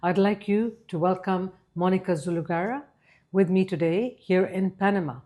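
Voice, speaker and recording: A woman's voice: lowish voice, moderate pace, dark tone. A woman hosting a podcast interview, asking encouraging questions of her guest. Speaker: podcast host.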